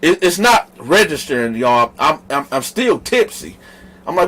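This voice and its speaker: A host from the northern United States tells a story straight to his viewers in a casual, animated, slangy way. His voice is a little high and his pace unhurried, and the audio is poor.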